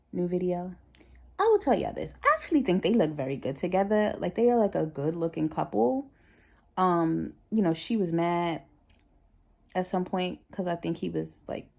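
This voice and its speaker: Chatty woman vlogger with a mellow voice. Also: on the low side, creaky. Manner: chatty, animated quoting of coworkers. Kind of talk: casual storytelling vlog.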